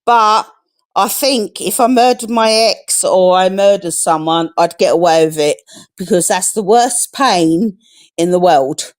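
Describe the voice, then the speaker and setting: Brief: middle-aged woman, casual live-stream chat, frank and chatty, swears freely, mid-pitched. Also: a little slow. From England.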